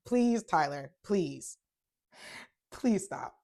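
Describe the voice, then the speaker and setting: A woman's voice: on the low side, expressive, normal speed. Emphatic preachy woman host. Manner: emphatic, repeats phrases, addresses listeners as y'all; gets worked up and loud when upset. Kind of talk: preachy self-help talk.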